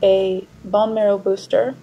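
A woman's voice: mid-range voice, a little slow, dull audio. A woman recording a late-night video diary from her hospital room, speaking steadily and matter-of-factly. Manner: flat, steady, matter-of-fact. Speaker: patient vlogging from the hospital.

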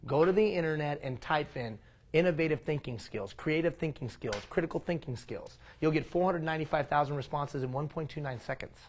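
A man leading a leadership workshop, animated and asking the room questions. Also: on the high side, fairly quick, a little hiss or hum. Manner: animated, asks the room questions, acts out mock quotes. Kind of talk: live seminar talk. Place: classroom.

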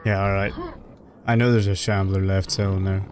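A man commenting live as he plays a video game, excitable and joking, with sudden yelps. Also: sits low, normal speed, a little hiss or hum. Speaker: game streamer. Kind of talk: casual live-stream commentary while gaming.

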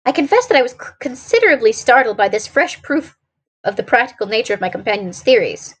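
Husky woman reading a mystery aloud. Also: a little high, quick pace. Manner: steady narration with small slips. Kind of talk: storybook reading on a stream.

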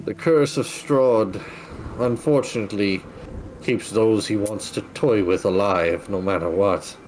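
A man's voice: lowish voice, unhurried, a little mellow, soft background music, close to an everyday voice, rough recording. A man doing a grave, formal old-world priest. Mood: solemn. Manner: formal, archaic, solemn. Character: grieving priest, solemn and formal.

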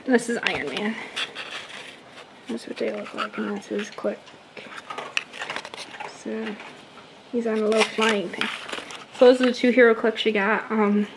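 A woman's voice: mid-range voice, heavy background noise. A woman vlogging casually at home, chatting while she unboxes and reads out comic titles. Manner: chatty, slow when reading titles.

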